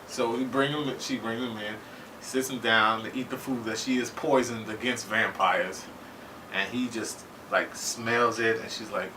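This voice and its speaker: A man's voice: fairly low pitch, unhurried. A man casually recapping a TV episode with profanity, talking loosely and keeping asking his viewers "right?". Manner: animated, loose and conversational, keeps asking "right?". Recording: faint noise, distant from mic.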